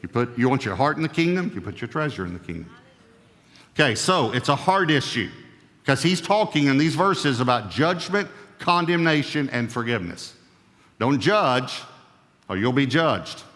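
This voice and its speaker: Guy preaching a sermon, mid-pitched, punchy swings up n down, long hall reverb. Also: big pitch swings, moderate pace, a bit bright. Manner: emphatic, rising and falling in pitch and volume. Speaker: pastor.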